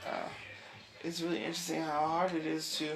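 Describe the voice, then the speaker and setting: A woman talks through her own show in a loose, wandering way, often restarting her phrases and laughing softly. Her voice sits low and has a gravelly fry. A clear layer of background noise runs under the whole recording. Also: flat delivery, a little fast, poor audio. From United States. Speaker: show host. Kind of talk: rambling solo talk show.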